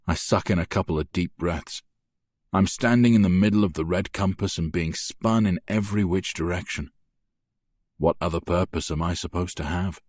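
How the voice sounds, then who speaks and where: A man's voice: low-pitched, a little mellow, no room sound. A man narrating a gritty first-person crime novel in an intense, dramatic manner, close on the mic. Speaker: audiobook narrator.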